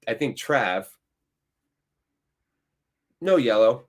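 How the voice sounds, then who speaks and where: A man hosting a live football watchalong, mixing casual play-by-play with rambling chat asides in an excitable way. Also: medium pitch, a little slow, pauses often, slightly rough.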